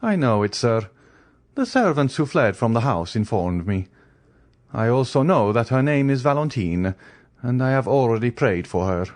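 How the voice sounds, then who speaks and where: A grave older priest with an Italian accent speaks in a courteous, measured way, as a man narrator puts him on. His voice sits clearly higher than the reader's own. This is an audiobook reading. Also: animated, a little mellow, no echo, studio quality, lightly acted. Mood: solemn. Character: solemn old Italian priest, male.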